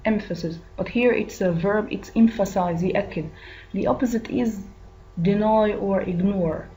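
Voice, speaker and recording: A woman's voice: a little high, a little mellow, a little hiss or hum, rough recording. Egyptian woman teaching English, patient. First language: Arabic. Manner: patient, repeats answer options and glosses words in Arabic. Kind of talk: recorded English lesson.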